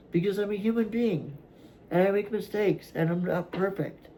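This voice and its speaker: A man hosting his own vlog, talking casually to camera from a room at home, halting and rambling with many fillers and restarts, yawning at times. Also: high-pitched, mellow, slight background noise, rough recording. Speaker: vlog host.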